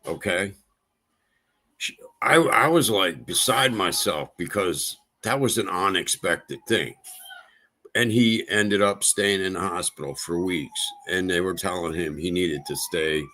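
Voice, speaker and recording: A man's voice: low-pitched, measured pace, sharp tone. A man hosting a livestream, venting in a casual monologue with exasperation and repeating himself for emphasis. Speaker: livestream host.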